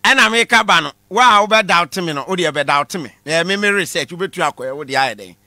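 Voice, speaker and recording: A man with a Ghanaian accent giving a comic lecture in a lively way, shouting out his punchlines. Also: high voice, brisk, dry recording. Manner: animated, shouting punchlines, mixing Twi with English. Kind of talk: comedy class monologue.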